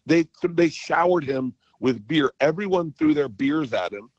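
A comedian guest on a radio morning show, telling excitable stories in casual chat. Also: male voice, fairly high pitch, unhurried, no echo, lo-fi sound. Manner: excitable storyteller, loud impressions.

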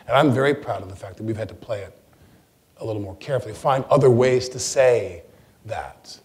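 This man, a guest actor, talks to an audience in a lecture forum at an ordinary middle pitch. He tells his stories with animation. His sentences often stall and restart. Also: brisk. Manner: animated storyteller with stammered restarts. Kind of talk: anecdotal chat with an audience.

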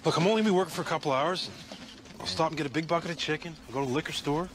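An actor playing a rowdy, foul-mouthed trailer park hustler who blusters and swears. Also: male voice, a little high, slight background noise. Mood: scheming. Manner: loud, swearing, quick-talking bluster. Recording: film audio with loud ambience.

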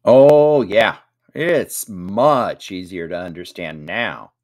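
A man's voice: medium pitch, big pitch swings, unhurried, dry recording, clean studio sound, pitched above the performer's own voice. A man doing a restless joking grown man. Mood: jokey. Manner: jokey, loud.

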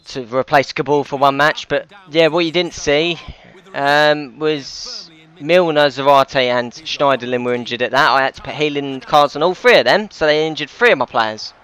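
A man giving live commentary over his own football video game match, frustrated, swearing often and yelling at his players. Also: on the high side, normal speed, few pauses, clear, resonant tone. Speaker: gaming commentator.

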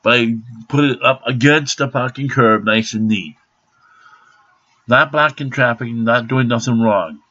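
Brief: angry male vlogger, husky, swears constantly, lo-fi recording. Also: medium pitch, a little slow. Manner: profane, rambling, bursts of shouting. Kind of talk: angry rant to camera.

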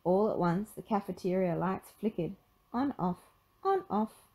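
A woman reads a children's picture book aloud, slow and unhurried. Her voice rises and falls freely as she tells the story expressively. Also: mid-range voice, lively intonation, mellow, low-quality recording.

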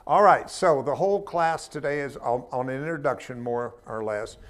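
A man's voice: medium pitch, moderate pace. A man teaching a spiritual class in an informal sermon style, talking in a conversational, emphatic way with humorous asides.

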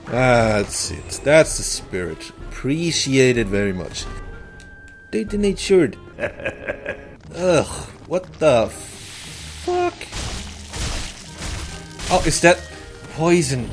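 A man's voice: a little high, very animated, takes it slowly, pauses often, soft background music. A man hosting a gameplay video, commenting sarcastically with jokey exclamations and laughs. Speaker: let's play host.

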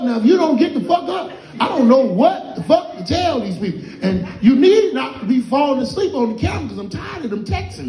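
A middle-aged man doing stand-up comedy in a club lounge, telling stories loudly with constant profanity. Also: extremely high pitch. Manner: loud, profane, animated storytelling. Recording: roomy club echo.

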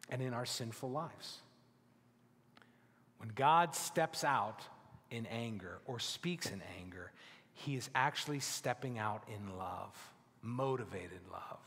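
A male pastor preaching a sermon in an emphatic, deliberate way, with his phrases often sinking to a hushed close. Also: medium pitch, in a large hall. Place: church sanctuary.

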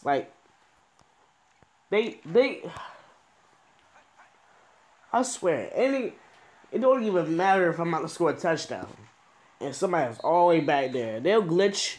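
A young man giving frustrated gameplay commentary, swinging between low muttering and exasperated, swearing outbursts. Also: animated, unhurried. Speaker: gaming commentator.

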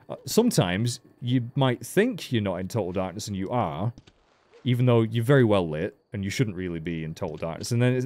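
A man's voice: mid-range voice, mellow, dry recording. A man giving casual, joking game commentary as a let's play host, with frequent swearing. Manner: chatty, joking, swears freely.

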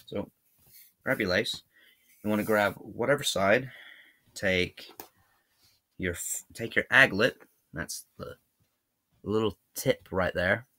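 A Scottish man with a low, bright voice talks through a hands-on tutorial. He is chatty and informal and thinks aloud as he works. The voice keeps a forward, forceful edge. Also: slow, long pauses. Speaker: how-to video host.

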